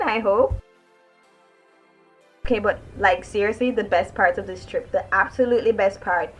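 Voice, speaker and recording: A woman's voice: mid-range voice, a bit bright, low-quality recording. A young woman narrating her travel vlog in a chatty, enthusiastic way, with casual asides and self-corrections. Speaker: vlogger.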